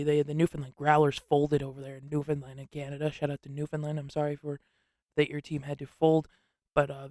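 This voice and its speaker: Young male sports host, slangy and excitable, slightly high voice, dry booth sound. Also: no room sound. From upstate New York. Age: young adult. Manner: rambling and excitable, heavy slang. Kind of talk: casual solo sports talk.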